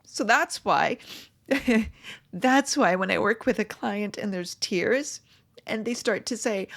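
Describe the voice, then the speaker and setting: Woman, middle-aged, coach, tearful, emotional, halting, sighs, breathy asides, reflective monologue. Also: medium pitch, fairly bright tone. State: tearful, crying. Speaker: podcast host and coach.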